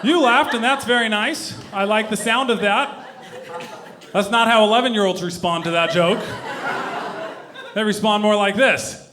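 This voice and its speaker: A man's voice: high-pitched, normal speed, pauses often, very noisy. A man performing live stand-up comedy, telling a loose story with casual swearing.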